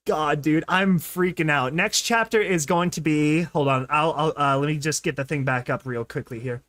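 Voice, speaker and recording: A young man doing excited, rambling commentary on a live stream, laughing often and calling his viewers dude and bro. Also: on the high side, moderate pace, hardly any pauses, no room sound. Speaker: streamer reading a story with commentary.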